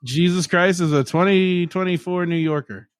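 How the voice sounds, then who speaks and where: A man co-hosting a comedy podcast, rambling in relaxed banter. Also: high voice, moderate pace, smooth, no room sound. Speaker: podcast co-host.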